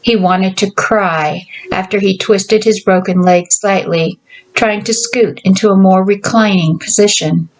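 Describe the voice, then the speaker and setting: A woman author reading her own story aloud in a measured, deliberate narration. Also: medium pitch, steady tone, low-quality recording.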